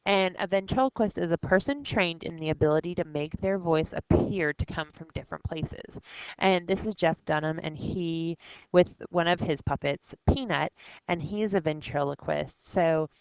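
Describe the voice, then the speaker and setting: A woman's voice: fairly low pitch, normal speed, smooth, dry recording, poor audio. A woman teaching vocabulary, reading lines from a novel and explaining each word in a casual way with small fillers.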